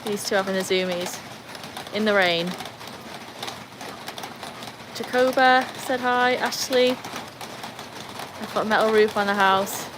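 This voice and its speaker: Speaking slowly, with long pauses, this mid-range female voice comes through over background noise. She's a British livestream host on a covered tin-roofed veranda in the rain, talking casually with viewers, reading out what they write and coaxing her dogs.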